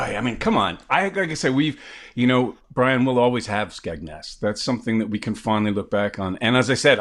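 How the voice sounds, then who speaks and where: A man's voice: lowish voice, a bit bright. A man, an actor, chats eagerly as an interview guest. His wording turns a little theatrical at times, and he speaks into a professional microphone in a room with a slight reverb, joining over a video call. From New York. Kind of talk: casual interview chat.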